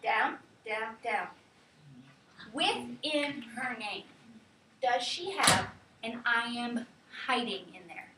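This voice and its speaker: Woman teacher, high voice, sing-song on key words, echoey room, distant mic. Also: slow pace, noisy background. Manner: sing-song calling out of words to mark syllable stress. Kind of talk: classroom teaching. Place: classroom. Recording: echoey classroom, mic far off.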